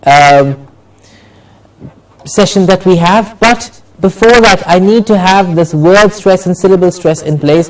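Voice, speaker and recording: Heard from far off the microphone, a male teacher runs a pronunciation class, carefully modelling words for repetition. His slightly high voice moves at an unhurried, drawn-out pace.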